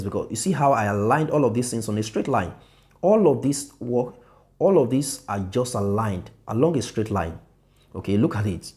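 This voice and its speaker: Low-voiced man teaching a design lesson. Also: warm tone. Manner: repetitive, checks in with "okay" and "you see". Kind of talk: screen-share tutorial.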